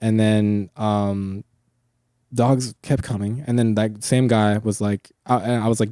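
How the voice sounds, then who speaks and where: A man's voice: fairly low pitch, fairly even intonation, measured pace, dark tone, smooth, no room sound, clean studio sound. A young man hosting a podcast, telling long rambling stories in casual chat, full of swearing and filler words. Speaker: podcast host.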